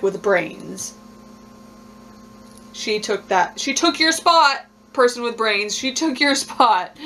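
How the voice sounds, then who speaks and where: A woman's voice: a little high, fairly bright tone, a little hiss or hum. A young woman, recapping a reality show in a blunt, sassy, laughing way. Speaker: vlogger.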